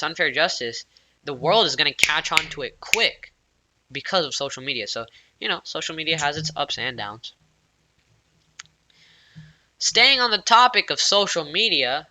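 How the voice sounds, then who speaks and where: A man giving casual, excitable tech news commentary as a YouTuber, rambling with plenty of fillers. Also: on the high side.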